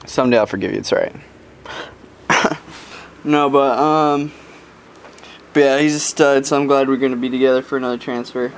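A man's voice: medium pitch, fairly even intonation, normal speed, long pauses, a little hiss or hum. Young man in his twenties, missionary, chatty and upbeat, full of fillers. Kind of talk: casual video update.

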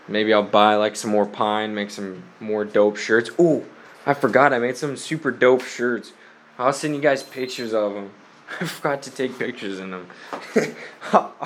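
A young man, a missionary, giving a casual spoken update to his family, rambling with many "like"s and frequent laughs, his voice slightly stuffy from a cold. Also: lowish voice. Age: young adult. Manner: rambling, heavy use of "like", laughs often.

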